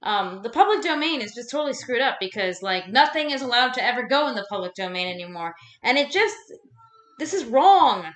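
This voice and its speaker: Animated ranting woman, bright voice. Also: fairly high pitch, a little fast. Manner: rambling, swears freely, animated ranting with fillers. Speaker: vlogger. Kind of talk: casual ranting chat. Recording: roomy echo.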